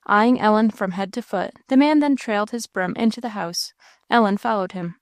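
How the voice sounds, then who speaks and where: An audiobook narrator reads a classic novel aloud in steady, scripted storybook style. Her medium-pitched voice keeps a moderate pace, recorded dry at studio quality.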